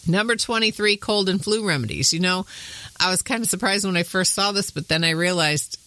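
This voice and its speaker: A woman's voice: mid-range voice, fairly quick, sharp tone, dry recording. Chatty Midwestern woman listing products. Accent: Midwestern American with some Southern. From Michigan, USA. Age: 30s. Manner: chatty, homey, laughs often. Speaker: podcast co-host. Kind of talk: casual talk.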